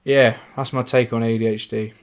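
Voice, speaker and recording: A man's voice: mid-range voice, flat delivery, normal speed. Young english guy rambling on his podcast, swears a lot, takes the mick out of himself. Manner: swearing, rambling, self-mocking. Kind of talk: casual monologue.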